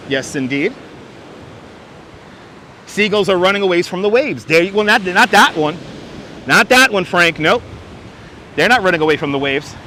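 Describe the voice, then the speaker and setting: A high, bright-toned man chats with his livestream viewers on a beach, joking wryly about their comments. Faint wind and surf noise sit under his clip-on mic, and he sounds quick and sharp. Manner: wry, joking, mock-announcer asides. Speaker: livestream host. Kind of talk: casual livestream chat reading viewer comments. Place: outdoors on a windy beach. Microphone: wireless clip-on mic.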